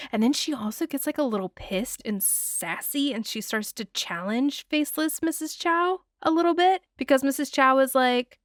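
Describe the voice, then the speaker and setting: A woman gushes through a casual film breakdown, swearing freely and sighing over her favorite scenes. Her voice sits on the higher side. The sound is dry and close, with no room behind it. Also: dry recording. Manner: expressive, gushing, swears freely, sighs and laughs. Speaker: film reviewer, host.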